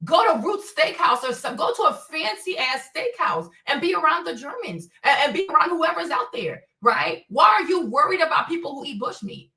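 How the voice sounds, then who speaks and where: Very animated and speaking at a moderate pace with few pauses, a woman from Africa hosts a livestream in a high voice that sounds pushed and bright. Her rant is opinionated, blunt, and profane, full of rhetorical questions. It's recorded in an echoey room with the mic some distance away.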